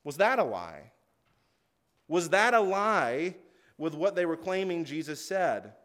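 A man preaching a sermon, earnest and emphatic, slowing down to stress key words and reading scripture aloud. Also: high voice, a bit bright.

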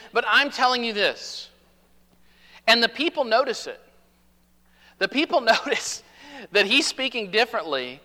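Bright, high-voiced man preaching in a hall. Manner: earnest preaching, quotes scripture in lowered voice. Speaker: pastor. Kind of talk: sermon.

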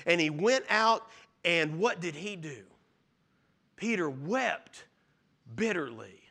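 Man, pastor, sermon, high voice, bright tone, earnest, swings loud to hushed.

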